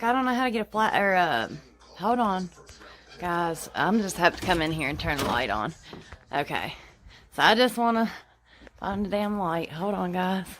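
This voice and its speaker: Phone in hand, a young woman records her own house while rambling frantically and swearing heavily. Her voice is low, with a slightly bright quality.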